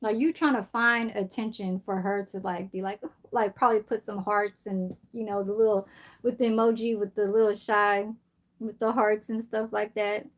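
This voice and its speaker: A woman's voice: mid-range voice, little pitch movement, moderate pace. A middle-aged woman from San Francisco chatting on a live stream, rambling through a story and swearing freely. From San Francisco, USA. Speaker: livestream host. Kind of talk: casual livestream chat.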